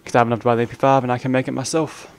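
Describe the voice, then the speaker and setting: Racing along in a mid-range voice, a young gaming channel host narrates a round of an online zombie game, tallying kills and teasing the random players next to him in relaxed, joking banter. He hunches toward his desk microphone so he's heard over the game audio.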